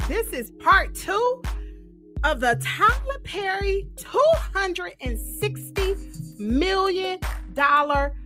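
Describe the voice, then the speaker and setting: A woman hosting her livestream from a downstairs home office, telling a story in a lively, gossipy way. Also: high-pitched. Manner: animated, gossipy Southern-style storytelling. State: coughing from bug spray fumes. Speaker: livestream host. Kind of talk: casual livestream chat. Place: her home's downstairs office, in front of a green screen.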